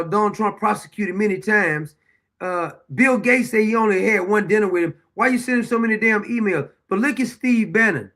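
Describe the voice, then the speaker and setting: High-pitched guy ranting hard on his show, blunt and cussing, talks back at clips. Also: creaky, sharp tone. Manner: blunt, heated and profane. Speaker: talk show host. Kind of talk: ranting political commentary.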